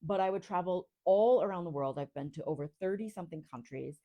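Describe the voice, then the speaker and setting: Low-voiced American woman coaching slowly. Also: lo-fi sound. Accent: neutral American, Rhode Island traces on a few words. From Rhode Island, US. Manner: deliberately slow, articulate, reflective. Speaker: podcast host and voice coach. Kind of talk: teaching monologue.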